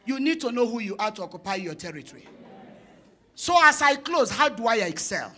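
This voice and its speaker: A woman pastor preaching a sermon, telling a personal story and acting out the dialogue, building up to shouted declarations. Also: on the high side, expressive, a little fast, some chatter behind. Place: church conference hall.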